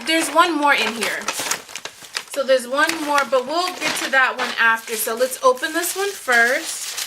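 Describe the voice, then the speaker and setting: A young woman vlogger chatting excitedly through an unboxing, gushing with lots of "you guys" and "like". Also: high-pitched, noisy background. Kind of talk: unboxing vlog chat.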